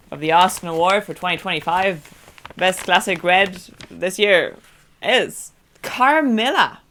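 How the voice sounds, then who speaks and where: A woman's voice: mid-range voice, a bit bright, a little hiss or hum. A woman co-hosting a casual home award show, upbeat as she announces the winners. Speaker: co-host.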